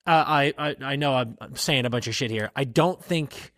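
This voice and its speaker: A man's voice: mid-range voice, normal speed, no room sound. Profane man riffing in dry sound. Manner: profane, animated, rambling opinions. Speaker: podcast co-host. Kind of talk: casual sports chat.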